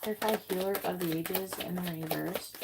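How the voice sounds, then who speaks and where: A woman with a low, gravelly voice does a live tarot reading, murmuring the card draws over and over in between blunt, casual asides. Clicks and shuffling cards are loud behind her. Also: steady tone, normal speed, very noisy. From Florida, United States. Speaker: tarot reader.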